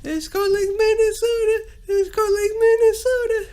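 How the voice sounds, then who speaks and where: A man doing a mocking impression of a male rapper singing in a thin, goofy falsetto. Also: little pitch movement, normal speed, a little mellow.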